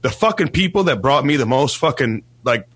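Man, radio host, loud casual chat, swears a lot, bright forceful voice, dry close sound. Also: medium pitch, expressive, fairly quick, slightly rough, no echo. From Toledo, Ohio area. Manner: loud, emphatic, swears constantly.

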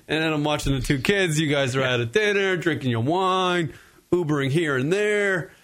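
A man's voice: fairly high pitch, lively intonation, moderate pace, a bit bright. A young adult man co-hosting a casual radio show, teasing his co-host and laughing often.

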